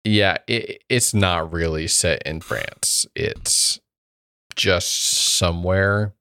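Male podcast co-host, very low gravelly voice, dry delivery, wry casual banter. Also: slow pace, sharp tone, no echo.

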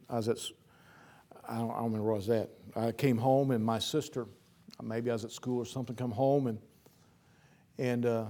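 Plainspoken and down-home, the sermon alternates between booming moments and hushed ones, with words repeated for emphasis.

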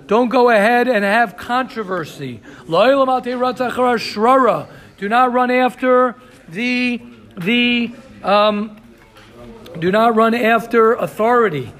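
High-voiced man teaching a Talmud class. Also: fairly bright tone. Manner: reads Hebrew then translates, reassures students. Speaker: Torah teacher.

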